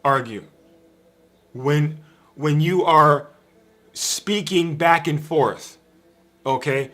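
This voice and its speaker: A man's voice: a little high, slow pace, pauses often, a bit bright. A man giving an informal spiritual teaching on a live stream from a room at home, repetitive and emphatic, speaking straight to his viewers. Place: home room with a dog bed in the corner.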